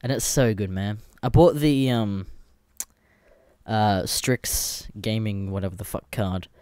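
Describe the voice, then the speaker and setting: A man's voice: fairly low pitch, takes it slowly, a little mellow, clean tone, no room sound. Sweary young Australian man, dry close sound. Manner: sweary, rambling, laughs often. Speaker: podcast host. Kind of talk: casual solo chat.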